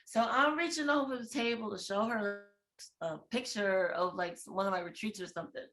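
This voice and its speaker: A woman as a podcast guest, telling a story in casual chat, animated and laughing between quick asides. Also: medium pitch.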